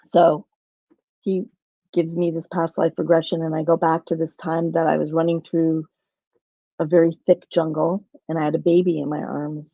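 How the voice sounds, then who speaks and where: Woman with a gravelly, mellow voice. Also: low voice, flat delivery, normal speed, no room sound, dull audio. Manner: rambling, retells dialogue with many restarts. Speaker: guest. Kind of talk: personal storytelling in conversation.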